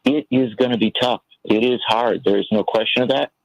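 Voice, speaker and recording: Low, gravelly man giving impassioned commentary. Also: steady tone, fairly quick, dry recording, rough recording. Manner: earnest, impassioned, tells stories. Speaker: radio show guest. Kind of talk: political commentary.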